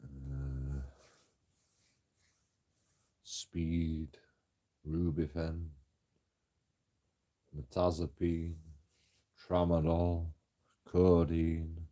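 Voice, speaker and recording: A man's voice: a bass voice, mellow. A man telling a story in a casual vlog, rambling and mocking, swearing freely and chuckling often. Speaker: channel host.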